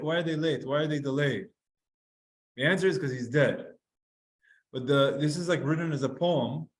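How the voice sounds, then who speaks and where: A man teaching a lively Gemara class to students, reading Hebrew lines aloud, translating them and acting out sighs and whimpers. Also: on the high side. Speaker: Talmud teacher.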